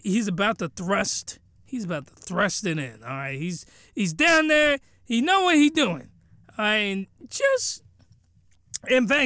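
A man giving a crude, rambling comedic recap of a show in an animated way. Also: sits high, no echo, clean studio sound.

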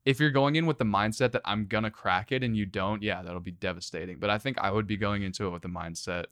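A man's voice: lowish voice, quick pace, a bit bright, dry recording, clean studio sound. A young man hosting a podcast, chatting casually and rambling with frequent laughs. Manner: laid-back, rambling, laughs often. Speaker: podcast host. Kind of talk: casual chat.

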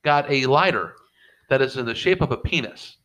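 A man hosting a casual podcast, telling a story animatedly with lots of swearing and loud quoted voices. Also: moderate pace, rough recording. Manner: animated, profane, jumps into high shouted quotes. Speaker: podcast host.

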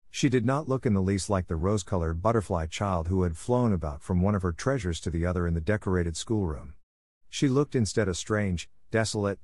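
A man narrating a classic novel aloud in a calm, even storytelling manner. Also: sits low, dry recording, clean studio sound. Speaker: audiobook narrator.

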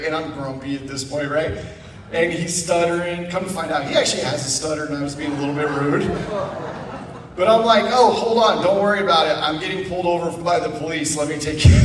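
A man's voice: fairly high pitch, normal speed, reverberant, long reverb tail, recorded from a distance, a little hiss or hum. A man from Idaho, a guest speaker, telling a funny personal story to a church congregation and acting out the voices in it. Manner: animated, self-mocking storyteller acting out quotes. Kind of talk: storytelling sermon. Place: church sanctuary.

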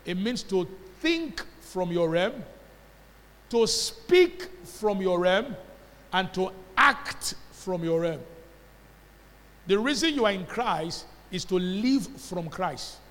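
A man's voice: high voice, lively intonation, slow, fairly bright tone. A man with a Nigerian accent preaching a sermon as pastor, emphatic and call-and-response, drawing answers from the congregation. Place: church hall. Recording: long church-hall reverb.

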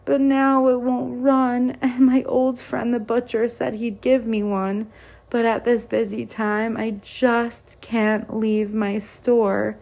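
A woman voicing an overheated baker who wheezes slowly. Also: on the high side, level tone, gravelly, darkish tone, full character voice. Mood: weary. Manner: wheezing, slow. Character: weary overheated male baker.

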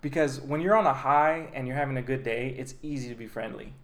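A man co-hosting a podcast and chatting casually, easygoing and quick to laugh. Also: mid-range voice. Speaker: podcast co-host and artist. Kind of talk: casual chat.

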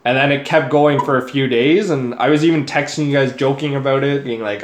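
A laid-back young man co-hosting a casual podcast, spinning a story with plenty of swearing. His voice sits at a middling pitch. The room has a noticeable echo. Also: quick pace, hardly any pauses. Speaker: podcast co-host. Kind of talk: casual chat. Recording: echoey room.

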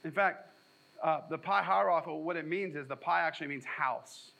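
Man, pastor, sermon, bright tone, a bit high-pitched, lively storyteller. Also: normal speed, creaky, highs cut off. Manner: animated storytelling with asides and jokes.

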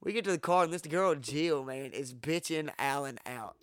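A man from Texas, telling stories in casual podcast talk, profane and animated, acting out what people said with sudden loud jumps. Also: fairly high pitch, normal speed, no room sound, studio quality. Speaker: podcast host. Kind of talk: casual storytelling.

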